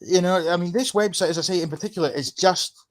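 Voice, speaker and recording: A man's voice: high-pitched, fast. A Scottish man hosting a casual chat, rambling and sweary, with heated remarks.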